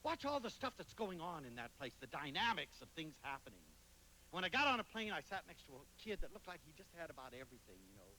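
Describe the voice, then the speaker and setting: A man giving a motivational lecture, telling anecdotes dramatically with sudden swings between loud and soft. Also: on the high side, sing-song, quick pace, a little hiss or hum, rough recording. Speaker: motivational speaker.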